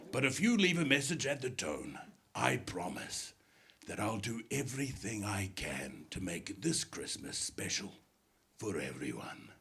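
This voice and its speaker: A man voicing Santa Claus, a jolly old grandfatherly figure with a deep, drawn-out delivery, live in a comedy club with an audience. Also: a bit bright, full character voice.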